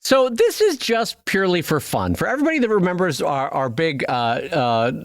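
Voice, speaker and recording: Upbeat American co-host, talks with big swings in pitch, dry close sound. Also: male voice, normal speed, dry recording. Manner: animated and chatty, upbeat plugs. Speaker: podcast co-host. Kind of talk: casual chat.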